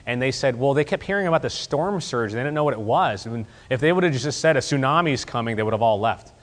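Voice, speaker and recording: A man giving a casual, somewhat halting presentation to a group. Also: mid-range voice, animated. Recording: reverberant hall.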